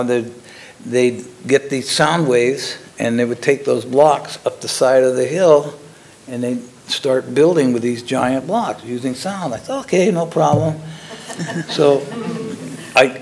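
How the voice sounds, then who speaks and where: Older man telling a story with chuckles, gravelly. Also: medium pitch, a little mellow, a little hiss or hum. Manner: chuckling, halting, with restarts. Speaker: former lab technician telling his story. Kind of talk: casual anecdotal storytelling.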